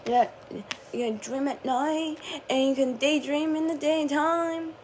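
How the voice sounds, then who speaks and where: A woman's voice: high-pitched, steady tone, unhurried, darkish tone, a little hiss or hum. Woman musing then ranting, laughing and swearing. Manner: swears freely, flips from dreamy murmur to laughing frustration. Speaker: spiritual channeler vlogger. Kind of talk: casual rant to viewers.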